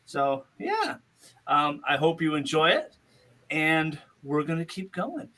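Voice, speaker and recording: A man's voice: fairly high pitch, very animated, slow, pushed and bright. A man hosting a podcast, chatting casually in a rambling way and laughing often. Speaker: podcast host.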